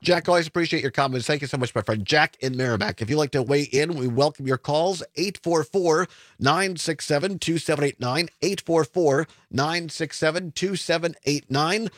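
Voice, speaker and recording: A man with a somewhat high voice hosts a call-in radio show. The sound is dry and close, and he answers callers with brisk, agreeable replies. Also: no echo. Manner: agreeable, quick affirming interjections. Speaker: radio talk show host.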